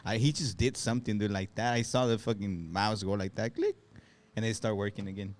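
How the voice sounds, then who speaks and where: A man's voice: lowish voice, fairly even intonation, fairly quick. A man bantering loosely on a podcast, swearing freely and dropping Spanish words into his English.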